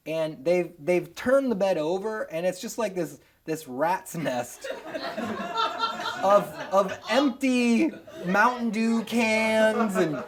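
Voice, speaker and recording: A man telling a personal story on stage, animated and self-mocking, with lots of chatty asides. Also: sits high, takes it slowly, background noise. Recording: live audience laughter audible.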